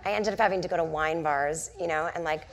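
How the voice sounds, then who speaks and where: A woman in her forties talks on stage before a live audience, spinning long self-mocking anecdotes stuffed with "like." Her voice sits a little low. She sounds like a comedian chatting, not performing a set. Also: fast. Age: 40s. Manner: chatty storytelling full of "like" and self-mocking asides. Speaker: comedian and author, guest. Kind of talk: onstage conversation, telling anecdotes.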